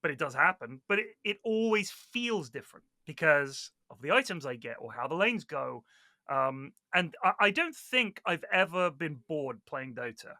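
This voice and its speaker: Bright, high-voiced swearing man. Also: normal speed, no room sound, clean studio sound. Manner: animated storyteller, swears a lot, mimics other players. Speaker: guest. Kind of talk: casual podcast chat.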